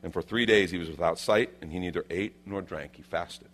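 A male pastor preaching a sermon, emphatic and repeating his key lines, swinging from loud declarations to hushed asides. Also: sits low, a little fast.

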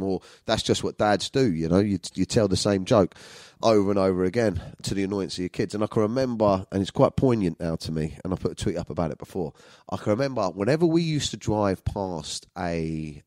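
A man's voice: on the low side, a little mellow, no room sound. A man, a comedian telling rambling, sweary stories about his family. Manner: sweary, rambling, with frequent fillers. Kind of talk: storytelling monologue.

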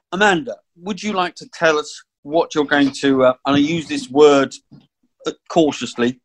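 A man hosting a casual political chat, measured and hesitant, thinking aloud with fillers. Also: mid-range voice, slight background noise. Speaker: podcast host.

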